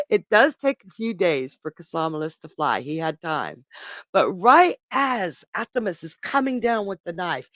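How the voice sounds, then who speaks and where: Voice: mid-range voice, a bit bright, no echo. A psychic telling an ancient myth on a casual live stream, chatty and laughing at their own jokes. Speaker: psychic storyteller.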